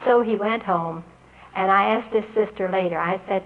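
A woman telling an audience how she taught a student to read. She speaks earnestly and spells out letters and their sounds slowly. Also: medium pitch, phone-quality sound. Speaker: literacy teacher giving a talk. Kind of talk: storytelling address to an audience.

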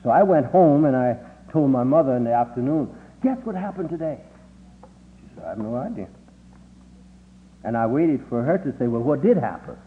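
An older man recalling childhood memories in a halting way, with many filler sounds, lifting his voice when he quotes people. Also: lively intonation. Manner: halting, with frequent 'uh' fillers; acts out quoted voices with rising pitch. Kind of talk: oral history reminiscence. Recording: tinny lo-fi recording with faint hum.

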